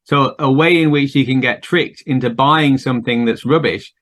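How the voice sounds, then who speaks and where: A man's voice: medium pitch, moderate pace, a bit bright. A man hosting a podcast, chatting casually in a thoughtful, musing way with frequent fillers. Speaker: podcast host. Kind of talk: casual conversation.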